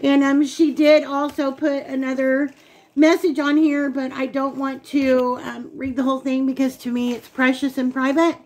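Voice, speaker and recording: High-voiced gushing woman opening mail. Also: little pitch movement, moderate pace, a little mellow. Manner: gushing, talks to viewers. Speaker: channel co-host. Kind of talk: casual unboxing chat.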